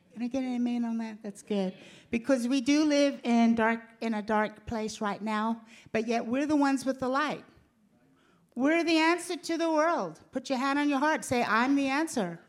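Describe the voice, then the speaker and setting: A woman, telling a lively personal story to a church congregation and acting out the voices of the people in it. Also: on the high side. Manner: animated, acts out quoted voices. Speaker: pastor's wife telling a story.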